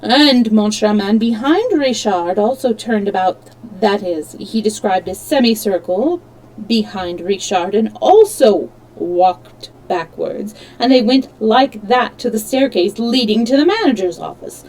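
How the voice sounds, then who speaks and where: Woman streamer reading a book out loud, lively delivery, trips over a word here and there and fixes it. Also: medium pitch, unhurried, poor audio. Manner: expressive reading with slips and self-corrections. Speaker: storyteller. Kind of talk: reading a novel aloud on a livestream.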